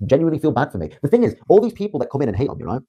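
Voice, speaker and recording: A man's voice: a little high, very animated, rapid-fire, dark tone, husky. A young man from Britain on a livestream, ranting defiantly with rambling restarts. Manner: rambling, repetitive, stumbling restarts.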